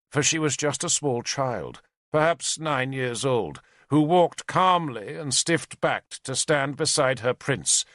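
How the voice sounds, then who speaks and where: A man's voice: medium pitch, fairly bright tone, no echo, clean studio sound. A man narrating an audiobook expressively, voicing every character. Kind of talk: scripted narration.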